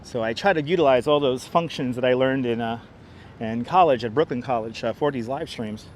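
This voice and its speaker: A man's voice: mid-range voice, fairly quick, slight background noise, poor audio. A man hosting a casual walking livestream outdoors, sarcastic and chatty, greeting viewers by name into a clip-on mic. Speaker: livestream host. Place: outdoors on a city street. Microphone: wireless clip-on mic.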